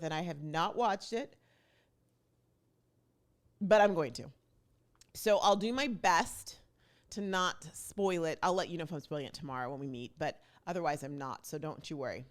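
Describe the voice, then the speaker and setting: A woman hosting her own vlog in a casual, chatty way, rambling and correcting herself with playful asides. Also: on the low side. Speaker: vlog host.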